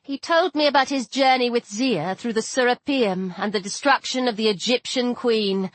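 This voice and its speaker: A woman narrating an audiobook in the first person with lively, wry storytelling. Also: a little high, normal speed, dry recording.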